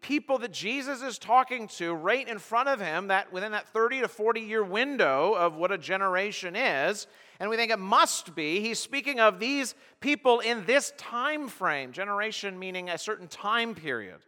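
This pastor's voice is high-pitched and sharp, expressive and moderately paced. Earnest and emphatic, he delivers an expository sermon, frequently restarting phrases while working through the passage, with long hall reverb around him.

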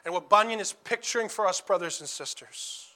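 A man preaching a sermon, earnest and emphatic. He drops quiet for a story, then builds to loud declarations. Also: high voice, a little fast.

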